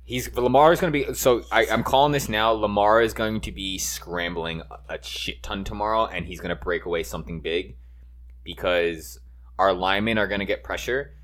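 A man with a very low, deep voice, chatting casually about football picks. He rambles and swears freely, with the enthusiasm of a fan. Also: normal speed, fairly bright tone. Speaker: podcast co-host. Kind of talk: casual sports chat.

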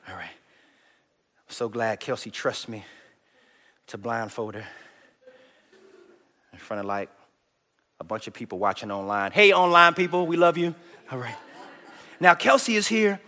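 A man preaching a lively sermon to a church congregation, acting out taunts and calling up a volunteer. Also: medium pitch, long reverb tail. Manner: animated preaching, trash-talk impressions. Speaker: pastor. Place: church stage.

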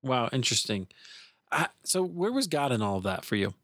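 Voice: medium pitch, sing-song, a little fast, a bit bright, dry recording. A podcast host asking interview questions and affirming with short replies.

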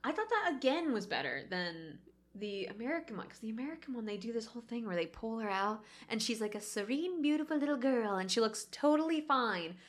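A woman in casual podcast chat about a film, animated and quick to laugh, acting out quotes. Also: fairly high pitch. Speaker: podcast co-host discussing a film.

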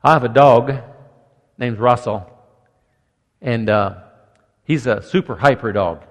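An older man preaching a sermon as pastor, emphatic, with quiet softer asides. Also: medium pitch, takes it slowly. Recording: long echo of a church hall.

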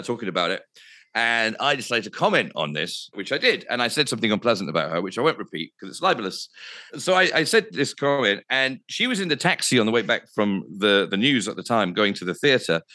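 Guy, radio dj spinning yarns, voice all over the place, swears a lot. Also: mid-range voice. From England. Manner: animated, swears freely, laughs at himself. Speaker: radio presenter, guest. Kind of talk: casual anecdote telling.

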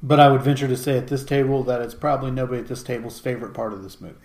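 A man on a casual film podcast, speaking in a measured, thoughtful way. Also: medium pitch, steady tone, darkish tone. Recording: echoey room.

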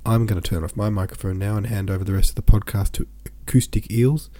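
Male podcast host, low, husky and dark, congested, loose rambling chat. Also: steady tone, quick pace. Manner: chatty, rambling asides. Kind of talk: casual chat.

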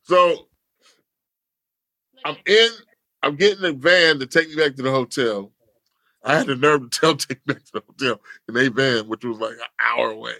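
A man's voice: mid-range voice, moderate pace, vocal fry, pauses often, no echo, clean studio sound. A man telling a story casually with heavy profanity and acting out the quotes. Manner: animated, profane, acts out quotes. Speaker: podcast guest telling a story.

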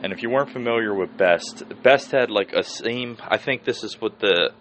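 A man rambles through a profane podcast story in a very low voice. A faint hum of background noise sits under his talk. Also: moderate pace, fairly bright tone, low-quality recording. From Philadelphia area. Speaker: podcast host. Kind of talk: solo podcast monologue.

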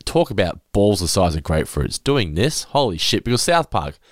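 An Australian man in his thirties, co-hosting a casual chat, animated and sweary. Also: moderate pace, no room sound, clean studio sound. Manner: animated and sweary, swings into high excited bursts. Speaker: podcast co-host.

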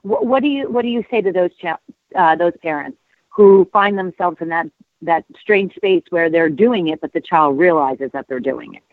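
A man's voice: high-pitched, expressive, dry recording. A man hosting an interview, asking long questions that he stops and rephrases as he goes. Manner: halting, rephrases his questions. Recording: tinny phone-like radio sound, dry.

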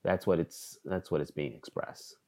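A man with a lowish voice co-hosting a casual podcast. He talks haltingly, restarting phrases and filling pauses. His sentences often fade away at the end. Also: steady tone. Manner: hesitant, many restarts and fillers, trailing off quietly. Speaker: podcast co-host. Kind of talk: casual chat.

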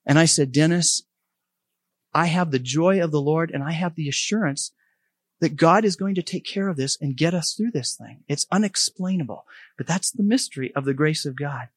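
A middle-aged man gives a heartfelt testimony in an earnest, halting manner. He restarts and repeats words often, and his voice sits a little high. The recording is dry and close, with no room sound. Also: no echo. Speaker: speaker sharing a testimony. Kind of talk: testimony talk.

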